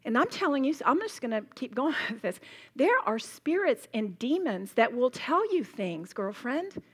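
A woman's voice: high-pitched, normal speed, slightly rough. A woman leading a live Bible study for women, talking with passionate emphasis and acting out little scenes. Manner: passionate, emphatic, animated storytelling with role-played demos.

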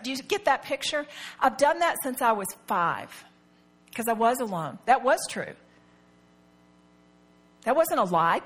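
A middle-aged woman teaching a Bible study to a live group. She tells personal stories earnestly and confidingly, with many rhetorical questions. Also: fairly high pitch.

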